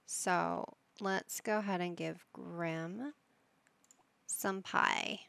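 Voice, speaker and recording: A woman's voice: on the low side, steady tone, very slow, creaky, a bit bright, dry recording. A woman giving casual gameplay commentary, chatty and coaxing, talking to her characters like a parent would. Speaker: gaming YouTuber.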